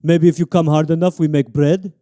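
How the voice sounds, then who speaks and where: A man voicing a crude, blunt Russian woman who speaks loud, broken English with a put-on Russian accent. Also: fairly high pitch, steady tone, a little fast, dry recording, clean studio sound, lightly acted. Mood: demanding.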